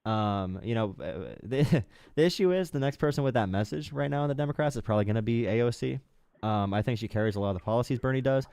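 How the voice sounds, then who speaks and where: Young male call-in host, quick and loose delivery, fillers everywhere. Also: mid-range voice, animated, a little mellow, smooth, dry recording. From Appalachian coal region, USA. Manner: rapid, lots of fillers and restarts. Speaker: political talk show host. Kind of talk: live call-in political talk.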